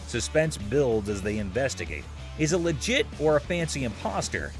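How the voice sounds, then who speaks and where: A man's voice: mid-range voice, very animated, normal speed, faint music behind. A man narrating a show recap in a scripted, playful, jokey storytelling manner.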